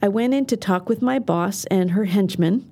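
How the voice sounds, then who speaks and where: A woman's voice: medium pitch, moderate pace, mellow. A middle-aged woman hosting a self-defense podcast, delivering an earnest, encouraging scripted monologue.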